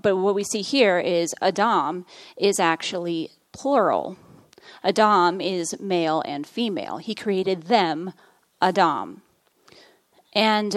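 A woman's voice: fairly low pitch, no echo. A woman preaching a sermon, reading scripture aloud and explaining it in an earnest teaching manner with frequent fillers.

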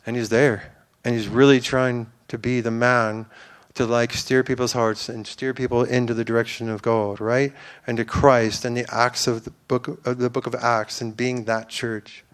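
A man's voice: medium pitch, flat delivery, moderate pace, hardly any pauses. A man giving an informal, earnest sermon to a church, rambling with fillers and restarts. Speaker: preacher.

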